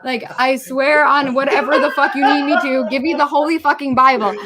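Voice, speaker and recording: A young woman talks casually and fast in a fairly high voice, full of swearing and acted-out quotes. She is animated and playful, telling stories to the hosts. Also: over a noisy crowd. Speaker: podcast host guest. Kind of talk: casual chat.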